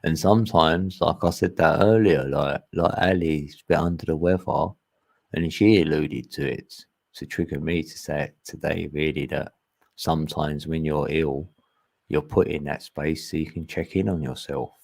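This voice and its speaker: A man's voice: a bass voice, fairly even intonation, normal speed, vocal fry, darkish tone. A man, chatting casually as a channel host, laid-back and laughing often. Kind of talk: casual chat.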